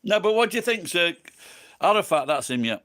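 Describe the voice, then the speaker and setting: A man's voice: sits high, sing-song, brisk, a bit bright. An English man with an English accent, tipsy and rambling, swearing constantly as he chats with viewers on a livestream. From England. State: tipsy from drinking. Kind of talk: rambling casual chat.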